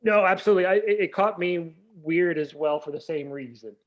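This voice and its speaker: A man's voice: a little high, a little fast, dull audio. A man in his forties, a podcast guest, chatting casually and telling stories with frequent restarts. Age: 40s. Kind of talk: casual chat.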